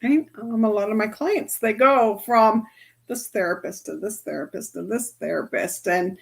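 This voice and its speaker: A woman's voice: mid-range voice, normal speed, gravelly, slightly rough. A woman energy healer chatting casually to her followers, telling stories and laughing often.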